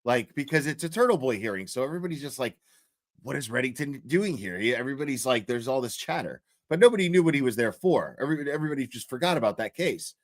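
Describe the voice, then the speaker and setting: A man's voice: medium pitch, expressive, rapid-fire, hardly any pauses, dry recording. Rambling, profane man streaming casually. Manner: rambling, profane storytelling with frequent laughs and restarts. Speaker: livestream host. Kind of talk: casual livestream commentary.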